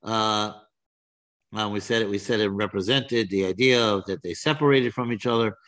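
Halting man teaching a text class. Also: fairly low pitch, a bit bright. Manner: halting, many restarts and fillers, reads Hebrew verses then explains. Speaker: Torah teacher. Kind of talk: informal text study class.

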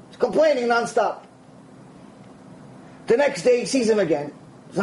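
A man delivers a Torah lecture in a conversational, animated way, now and then acting out the voices of people he quotes. His voice sits high for a man. A faint hiss of background noise runs under the talk. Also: normal speed, long pauses. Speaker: rabbi.

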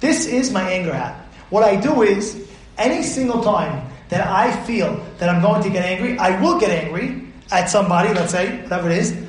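A man's voice: high voice, a little hiss or hum. A man, a rabbi, giving an emphatic Torah class lecture, repeating his points and putting questions to his listeners. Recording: roomy echo.

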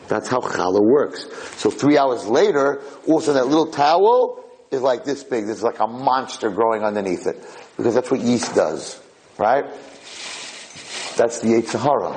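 A man giving a Torah lecture, telling lively personal stories and acting out the dialogue, with frequent "right?" asides. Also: mid-range voice, a little fast, low-quality recording. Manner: animated storyteller, acts out dialogue, frequent "right?".

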